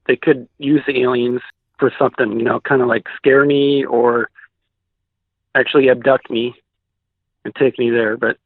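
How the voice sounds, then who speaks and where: A man's voice: mid-range voice, gravelly, dry recording. A man, a guest on an interview show, telling his story in a casual, rambling way with many "likes" and restarts. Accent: Pacific Northwest American. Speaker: guest recounting a sighting. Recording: dry tinny phone line.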